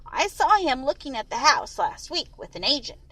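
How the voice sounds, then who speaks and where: Woman putting on a quirky elderly lady neighbor, gossipy, teasing, high lively voice, dry close sound, storybook reading. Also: normal speed, no room sound, far from the mic, full character voice, rough recording. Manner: gossipy, teasing, old-fashioned slang.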